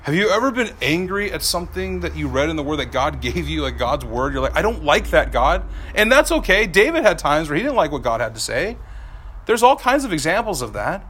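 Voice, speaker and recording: A man in his thirties preaching a sermon as pastor, animated and swinging between soft, slow passages and loud, quick ones. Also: on the high side, a little hiss or hum.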